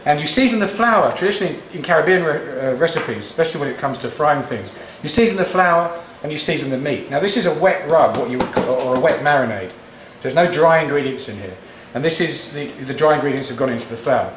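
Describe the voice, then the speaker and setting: Talking fast with few pauses, this animated English home cook has a fairly high voice as he rambles chattily through a demo, often restarting. The recording has slight hiss or hum, an echoey kitchen, a far-off mic, and sizzling from the pan.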